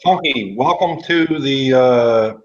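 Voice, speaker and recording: A man's voice: mid-range voice, takes it slowly, dull audio, background noise. A man joking and swearing in a casual group video chat. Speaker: chat participant.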